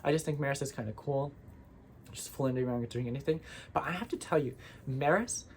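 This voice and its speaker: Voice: mid-range voice, a little fast. Chatty rambling vlogger, faint hiss. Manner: chatty, wanders off on tangents, playfully indignant. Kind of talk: casual rambling monologue.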